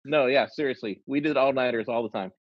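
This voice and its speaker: A man's voice: mid-range voice, a little fast, husky, dry recording, lo-fi sound. A man telling a long funny story among friends, acting out the quoted lines with energy. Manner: animated anecdote teller, acts out quoted lines.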